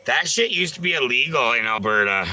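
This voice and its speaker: A man's voice: medium pitch, expressive, brisk, pushed and bright, poor audio. A man chatting casually on a live stream, answering viewers in a loose, rambling way with lots of filler sounds and some swearing. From Canada. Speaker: livestreamer.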